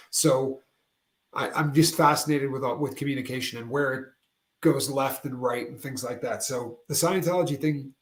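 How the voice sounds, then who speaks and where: A man co-hosting a podcast, telling animated stories in casual chat and laughing often. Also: medium pitch. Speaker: podcast co-host. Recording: roomy echo.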